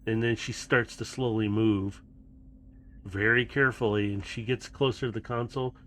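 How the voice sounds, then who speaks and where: A man's voice: lowish voice, steady tone, normal speed, fairly bright tone. A man narrating and running a tabletop role-playing game as game master, in a casual, storytelling manner with laughs.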